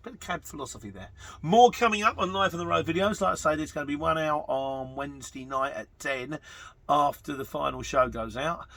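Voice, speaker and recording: A middle-aged man chats his way through viewer comments, poking fun at himself as he goes. His voice sits a little high and has a gravelly, husky edge to it. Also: sharp tone. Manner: chatty and self-mocking, reads comments aloud. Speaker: vlogger reading viewer questions. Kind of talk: casual chat.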